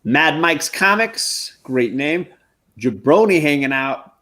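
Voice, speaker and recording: A man's voice: fairly high pitch, expressive, takes it slowly, sharp tone. A man co-hosting a casual comic book live stream, upbeat and joking as he reads out names from the chat. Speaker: comic book show co-host.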